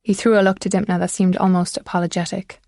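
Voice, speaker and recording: A woman's voice: mid-range voice, flat delivery, a little mellow, no room sound, clean studio sound. Woman reading a thriller audiobook. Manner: measured storytelling. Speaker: audiobook narrator. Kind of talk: scripted audiobook narration.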